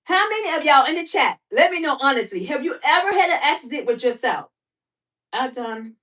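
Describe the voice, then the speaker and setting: Livestream host, female, chatty and animated, quick to laugh, slightly high voice, sits back from the mic. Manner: animated, talkative, quick to laugh, fires off rhetorical questions. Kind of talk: casual livestream chat with viewers. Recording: voice somewhat far from the mic.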